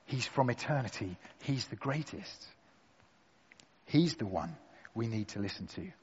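A man delivers a sermon in an unhurried, emphatic way, leaning on dramatic pauses. His voice rises and falls expressively, with a slightly husky edge. The recording is dull and carries a long hall reverb. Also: mid-range voice, animated, a little mellow. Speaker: preacher. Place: church hall with an audience.

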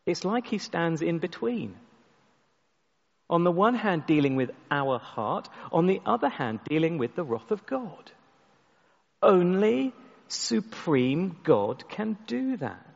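A man preaching a sermon, telling a story and often restarting his words, sometimes dropping his voice very soft for emphasis. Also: fairly high pitch, very animated, slow, vocal fry, big-room sound, muffled recording. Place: church.

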